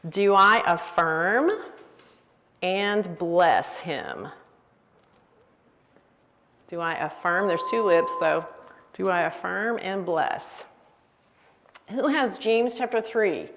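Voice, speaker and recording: An older woman teaching a women's Bible study, lively and acting out example phrases. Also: medium pitch. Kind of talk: teaching talk. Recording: reverberant hall.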